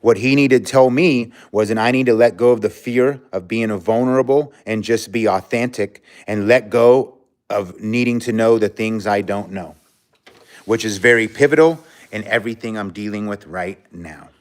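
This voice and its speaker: A man hosts a casual livestream, reading viewer comments aloud and talking bluntly and candidly, swearing freely and speaking with emotion. His voice sits fairly low, at a moderate pace.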